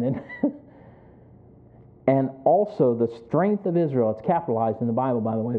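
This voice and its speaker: Man preaching a sermon, tinny sound. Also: mid-range voice. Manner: earnest, conversational preaching with rhetorical questions. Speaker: pastor.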